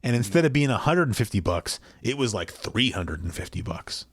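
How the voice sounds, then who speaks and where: A man's voice: fairly low pitch, sing-song, brisk, breathy edge, no room sound, clean studio sound. A man co-hosting a podcast from his small home basement, chatting casually in a rambling, self-deprecating way, apparently over a video call. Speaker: podcast co-host. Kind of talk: casual chat.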